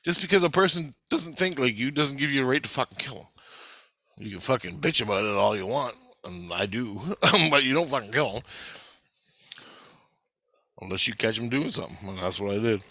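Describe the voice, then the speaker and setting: A man's voice: mid-range voice, lively intonation, moderate pace, bright, forceful tone, dry recording. A man telling past-life memories in a rambling, profane, intense monologue. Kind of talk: casual spoken monologue.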